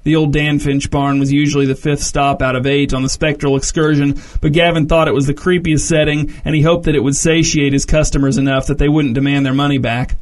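A man reading a comic story aloud in a dry, deadpan narration. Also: a little high. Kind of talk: scripted narration.

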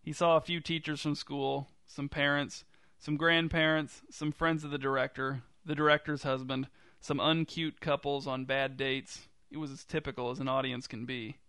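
Male audiobook narrator, dry wry delivery, crisp, close and dry sound. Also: fairly high pitch, little pitch movement, normal speed, sharp tone, no echo. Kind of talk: storybook narration.

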